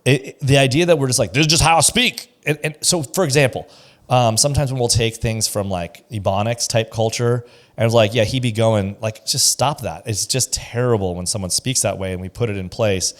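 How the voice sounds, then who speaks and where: A pastor co-hosting a casual podcast discussion shares his views emphatically and opinionatedly, acting out the voices he quotes. His voice is mid-range and fairly quick.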